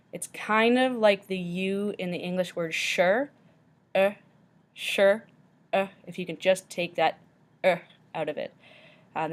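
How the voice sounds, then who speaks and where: Woman teacher, lowish voice, slow, deliberate, repeats each word for learners. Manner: repeats words slowly and carefully. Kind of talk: slow pronunciation lesson.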